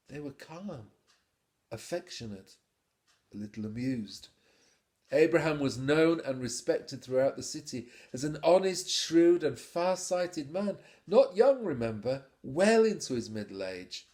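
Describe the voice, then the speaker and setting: A man narrating a story in a measured, expressive storytelling way. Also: medium pitch. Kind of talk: scripted narration.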